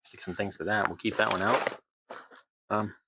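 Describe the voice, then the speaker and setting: Gravelly middle-aged Southern man, rambling. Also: on the low side, fairly even intonation, normal speed, pushed and bright, no room sound, low-quality recording. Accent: Southern American. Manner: rambling, self-deprecating asides. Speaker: host, terrain crafter. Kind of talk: casual hobby crafting tutorial.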